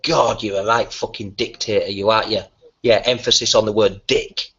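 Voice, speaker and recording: A man's voice: fairly low pitch, steady tone, moderate pace, fairly bright tone, a little hiss or hum. A man on a voice chat, teasing others with crude, mocking banter. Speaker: voice chat regular. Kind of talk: casual voice chat. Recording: dull lo-fi voice chat audio.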